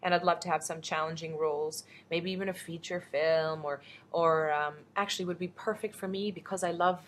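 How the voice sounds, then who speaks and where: A woman's voice: on the low side, steady tone, brisk, slight background noise. A young woman from the Philippines, an actress chatting upbeat through fan questions on a webcam, rambling into asides. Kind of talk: casual webcam Q&A. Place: indoors at home.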